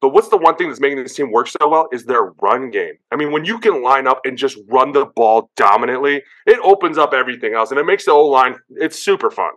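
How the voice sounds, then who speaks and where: A man in his thirties chats as a guest, rattling off stories at a quick clip. His voice is bright and lively, and he slips into quoted voices with plenty of "like" and "dude". It sounds like a relaxed, excited interview. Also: mid-range voice. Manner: animated, acts out quotes, many "like" and "dude". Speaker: guest, former pro football player. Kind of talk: excited casual interview storytelling.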